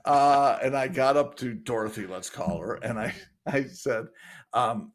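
A man's voice: medium pitch, a little slow. A man co-hosting a casual podcast, rambling through stories and laughing often. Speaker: podcast co-host. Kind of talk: casual chat.

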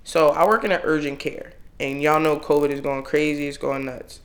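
A man in his thirties telling a long work story in casual, profane chat, jumping loudly into exclaimed quotes. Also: a little high, steady tone, normal speed. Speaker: podcast co-host.

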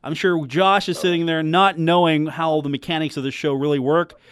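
A man's voice: on the high side, fairly even intonation, normal speed, a bit bright, a little hiss or hum. A man hosting live sports radio from a studio, rambling and joking with lots of restarts. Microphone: studio microphone.

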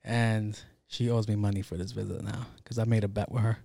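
A man's voice: fairly low pitch, flat delivery, fairly quick, vocal fry, mellow, no echo. Profane, laid-back young man. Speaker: podcast host. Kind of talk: casual storytelling monologue.

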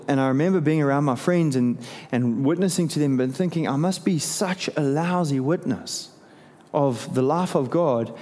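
Conversational male preacher in a reverberant hall. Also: medium pitch. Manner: conversational, animated preaching with self-deprecating asides. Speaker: pastor. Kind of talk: sermon.

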